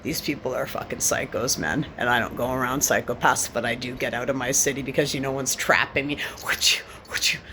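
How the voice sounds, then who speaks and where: A woman's voice: a bass voice, fairly even intonation, brisk, hardly any pauses, sharp tone, a little hiss or hum. A woman in her forties in a scattered, profane, mocking rant, defiant and sneering. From Canada. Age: 40s. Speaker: vlogger. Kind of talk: ranting vlog monologue.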